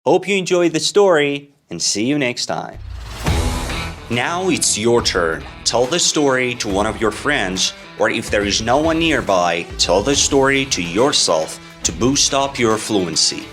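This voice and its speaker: A man's voice: medium pitch, lively intonation, unhurried, a bit bright, faint music behind. A man telling a simple story as an English lesson, asking questions about it and answering them himself. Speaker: English teacher.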